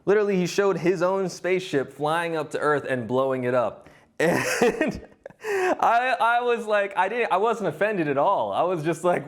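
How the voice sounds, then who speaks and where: Animated young man teaching casually. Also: sits high, moderate pace. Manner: animated, restarts often, quotes beings in acted voices. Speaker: remote viewing teacher. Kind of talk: casual spoken lesson.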